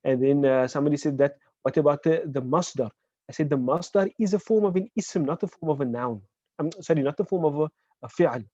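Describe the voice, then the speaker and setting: A man teaching an online Arabic class. He explains patiently, checks in with "right?" and says example words slowly. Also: fairly high pitch, dark tone, no echo. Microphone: video call. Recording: dull, dry online call audio.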